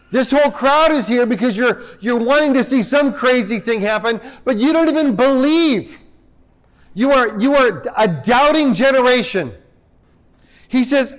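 High-voiced male preacher. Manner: storytelling, acts out dialogue, repeats words. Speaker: pastor. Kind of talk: sermon.

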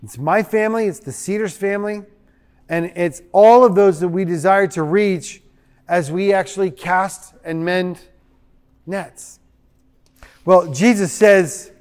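Animated high-voiced man preaching. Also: clear, resonant tone, long reverb tail. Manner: animated, acts out quoted voices. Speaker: pastor. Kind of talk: sermon.

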